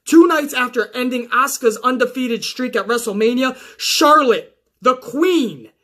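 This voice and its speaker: A man hosting a show, recapping wrestling in an excitable, heavily profane casual way. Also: very high-pitched, measured pace.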